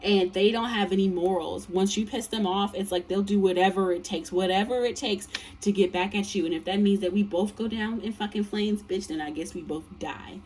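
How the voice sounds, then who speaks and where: A woman's voice: medium pitch, brisk, a little mellow, recorded from a distance. A tired woman reads tarot in a loose, chatty way, swearing freely and circling back on her words. She sits a little back from the mic, and faint room noise hums underneath. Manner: blunt, profane, chatty with many fillers. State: tired, yawning. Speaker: tarot reader. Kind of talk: casual tarot reading.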